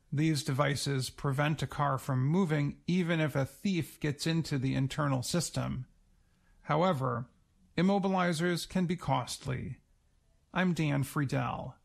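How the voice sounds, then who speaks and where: Male reporter, slightly higher pitch, gravelly texture, measured read. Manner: steady, measured news delivery. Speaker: news reporter. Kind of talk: scripted news reading.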